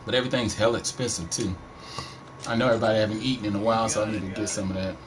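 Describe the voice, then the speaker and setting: A man's voice: fairly low pitch, steady tone, racing, a crowd in the background. A middle-aged man from Texas with a country accent, chatting casually and profanely while streaming a game from home. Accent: Texan country. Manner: rambling, profane, laid-back. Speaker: gaming streamer. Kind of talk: casual let's-play commentary.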